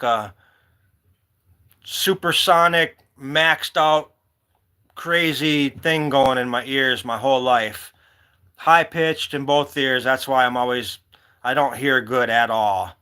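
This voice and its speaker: Sharp, clear, and resonant, this mid-range male voice belongs to a livestream host chatting casually. He rambles between stories and speaks directly to viewers by name.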